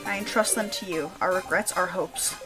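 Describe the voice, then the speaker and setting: A woman's voice: lowish voice, lightly acted. Woman voicing a solemn self-sacrificing young man. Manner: solemn, measured. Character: calm resolute young man sacrificing himself. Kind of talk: reading game dialogue aloud. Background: game music.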